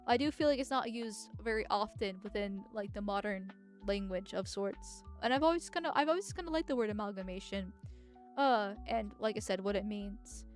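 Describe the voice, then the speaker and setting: A woman's voice: mid-range voice, moderate pace, soft background music. A woman hosting a casual political livestream, chatty and blunt, reacting to clips and thanking viewers. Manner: chatty, blunt, with sighs and laughs. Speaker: vtuber host.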